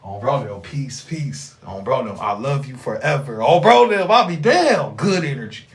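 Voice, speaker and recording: A man imitating a laid-back friend who talks in a slow, mumbled, drawn-out way. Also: mid-range voice, animated, close to an everyday voice. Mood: mellow.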